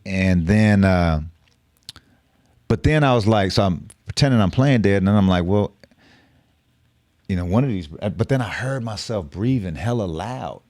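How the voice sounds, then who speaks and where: A man's voice: on the low side, animated, moderate pace, pauses often, a little mellow, dry recording, clean studio sound. A middle-aged man telling a story on a podcast, casual and profane with street slang. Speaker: podcast guest.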